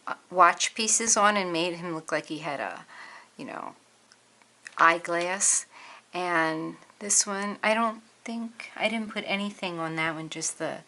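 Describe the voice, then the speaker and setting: A woman talking through a crafting tutorial in a relaxed, chatty way, thinking aloud as she works. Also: fairly low pitch. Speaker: crafter demonstrating a project.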